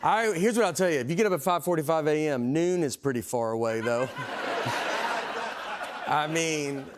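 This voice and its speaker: A man's voice: fairly high pitch, animated, measured pace. Dry Southern man in his forties. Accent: Southern American. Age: 40s. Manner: dry, rambling, self-deprecating delivery. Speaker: comedian guest. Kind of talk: deadpan storytelling chat. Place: TV studio with audience. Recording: TV studio with audience noise. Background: audience noise.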